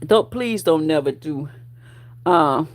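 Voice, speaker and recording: A woman in her forties ranting at her online viewers, profane and confrontational, with loud bursts of laughter. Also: low voice, animated, slow pace. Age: 40s. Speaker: vlogger.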